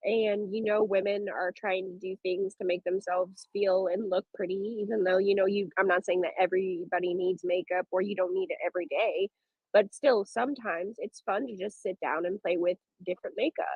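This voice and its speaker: A woman's voice: mid-range voice, steady tone, moderate pace, slightly rough, dry recording, phone-quality sound. A woman guest in a casual beauty chat, talking freely about her own makeup habits. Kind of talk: casual chat on a live audio room.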